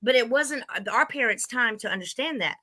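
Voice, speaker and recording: A woman's voice: fairly high pitch, a little fast, crowd noise, rough recording. A woman in her fifties hosting a casual spiritual chat, telling stories and acting out the quotes in them. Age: 50s. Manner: animated storytelling, acting out quotes. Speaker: host.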